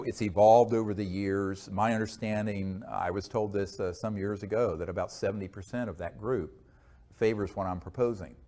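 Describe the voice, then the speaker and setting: A man giving an earnest talk and answering audience questions, unhurried, with many fillers and restarts. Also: low-pitched, a little mellow. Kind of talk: lecture and Q&A talk.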